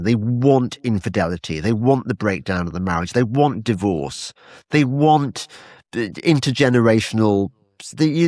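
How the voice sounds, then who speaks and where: A man's voice: medium pitch, a little mellow, dry recording. A man hosting a casual podcast chat, often stumbling and restarting his sentences. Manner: hesitant, stammering restarts. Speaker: podcast host.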